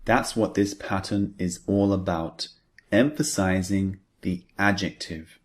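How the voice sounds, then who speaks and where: A man with a very deep voice teaches an English lesson. He takes his time, pacing each explanation and example sentence slowly and deliberately. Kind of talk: scripted language lesson.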